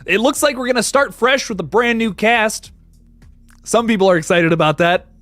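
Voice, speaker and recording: A man's voice: sits high, moderate pace, a bit bright, no room sound, soft background music. A man hosting a casual livestream, chatty and laughing often as he greets viewers in the chat. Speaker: livestream host.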